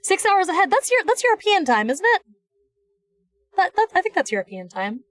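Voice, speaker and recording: A woman's voice: extremely high pitch, sing-song, fairly quick. A young woman streaming while she draws, chatting playfully and rambling with restarts and teasing asides. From United States. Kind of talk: casual live-stream chat while drawing.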